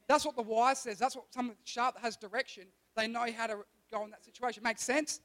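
High-voiced energetic man preaching. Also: a little fast, few pauses. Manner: energetic, conversational, acts out quoted voices. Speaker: youth pastor. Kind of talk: sermon.

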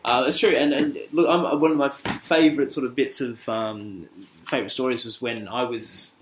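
A man's voice: medium pitch, fairly even intonation, moderate pace. A young adult man co-hosting a casual comedic chat, cheeky and crude in his jokes. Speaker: co-host. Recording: echoey room with faint noise.

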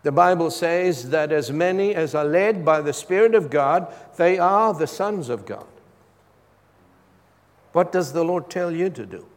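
A pastor preaches with a fairly high voice, lively intonation, and a measured pace, pausing between points to call for responses from his congregation. A long hall reverb surrounds the recording.

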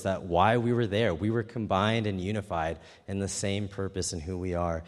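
A man's voice: low-pitched, steady tone, normal speed, hardly any pauses. Earnest man preaching in a reverberant hall. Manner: earnest, storytelling, emphatic. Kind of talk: sermon with personal story.

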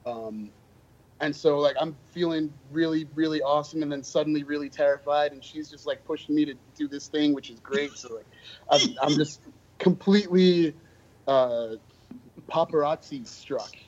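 A man's voice: a little high, moderate pace, darkish tone. Man telling chatty self-deprecating stories. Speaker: podcast guest, drummer. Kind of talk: casual storytelling. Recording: dull, lo-fi podcast audio.

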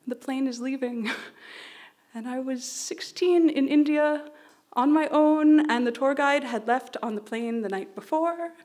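A woman telling a personal story on stage at a live storytelling event, in an animated, anxious way with quick run-on phrases. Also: sits high. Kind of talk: live storytelling before an audience.

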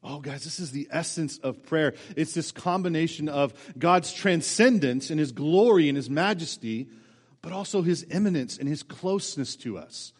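A man's voice: on the high side, lively intonation, moderate pace, breathy edge. Earnest male pastor in a reverberant hall. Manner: earnest, builds from quiet lament to fervent emphasis. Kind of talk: sermon. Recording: church hall with long reverb.

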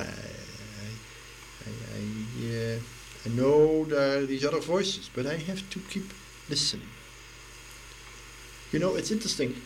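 A man giving an intimate, reflective spiritual talk, earnest and halting, often repeating words as he searches for them, and dropping to a near hush at times. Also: mid-range voice, rough recording. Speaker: spiritual speaker. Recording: faint hiss, personal audio recording.

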